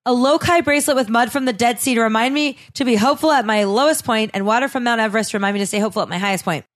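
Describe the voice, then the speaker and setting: A woman's voice: a little high, rapid-fire. A woman on a casual podcast, sarcastic and blunt, swearing freely while she rips into people. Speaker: podcast guest.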